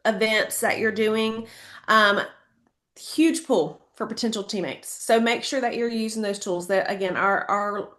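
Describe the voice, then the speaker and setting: A woman's voice: medium pitch, steady tone, a little slow, a bit bright. A woman talks her team through some practical tips on a video call. She is casual and conversational, with a mid-range voice, the odd "um" and a few restarts. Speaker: team member presenting tips. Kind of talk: casual instructional talk.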